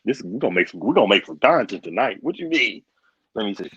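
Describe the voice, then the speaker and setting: A man, co-hosting a live reptile stream in casual, excitable chat and calling people brother. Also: on the low side, quick pace, breathy edge, no room sound. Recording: dull, dry lo-fi stream audio.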